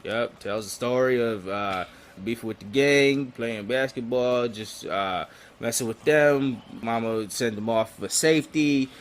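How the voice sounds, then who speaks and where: A man's voice: medium pitch, unhurried, slight background noise. A man co-hosting a podcast, casually recapping a TV episode in a laid-back, slangy way and laughing often. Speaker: podcast co-host.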